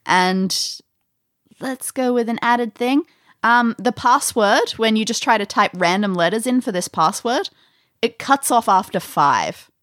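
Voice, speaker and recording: A woman's voice: fairly high pitch, animated, a little slow, a bit bright, dry recording, clean studio sound. A woman acting as game master, describing scenes in an escape-room game with light amusement.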